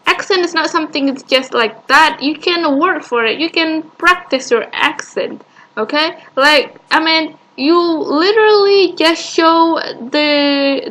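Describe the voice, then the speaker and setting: A woman's voice: sits high, bright, forceful tone, rough recording. A woman giving casual reaction commentary, hesitant and dismissive, full of fillers. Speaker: reaction video host.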